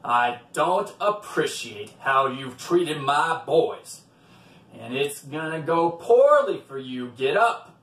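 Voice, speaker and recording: A man voicing a furious, blustering male devil who shouts threats. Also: fairly high pitch, a little slow, long pauses. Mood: menacing. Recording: roomy, from a distant mic.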